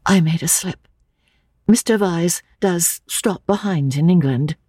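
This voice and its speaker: A woman voicing a nervous, flustered young woman who stammers in a high voice. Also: a little slow, warm tone, breathy edge, no room sound.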